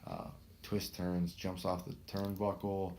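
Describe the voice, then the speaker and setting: A man hosting a casual podcast chat, excitable and rambling, who swears and keeps saying dude. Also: sits low, measured pace, slight background noise. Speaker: podcast host.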